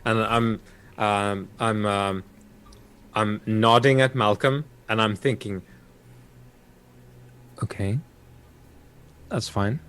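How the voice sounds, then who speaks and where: Male player, low and unhurried, halting, describes his character's moves. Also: fairly even intonation, a bit bright, clean tone. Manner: halting, many "uh" and "um".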